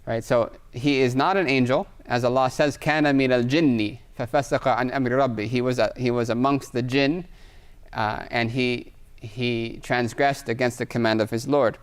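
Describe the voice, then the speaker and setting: A man's voice: medium pitch, steady tone, moderate pace, smooth. A man teaching Arabic grammar in a live class, explaining step by step, checking in with a constant "right?", and reading Arabic phrases aloud. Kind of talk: live online class lecture with Q&A.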